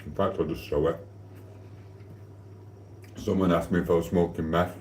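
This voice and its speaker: Livestream host, man, very low voice, rambling cheeky banter, eats on mic in a roomy kitchen. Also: steady tone, normal speed, slight background noise. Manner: rambling, cheeky and flirty, eating while talking. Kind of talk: casual live-stream chat. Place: home kitchen.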